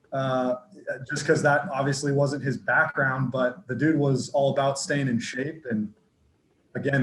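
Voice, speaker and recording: A man from Northern California, a football strength coach telling his story casually in a podcast interview, relaxed and rambling with lots of fillers and restarts. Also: mid-range voice, slight background noise. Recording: echoey room with faint ambience.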